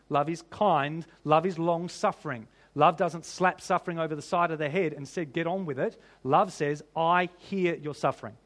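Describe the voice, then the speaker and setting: A pastor with a high voice preaches a sermon. His manner is conversational, and he poses rhetorical questions to the congregation.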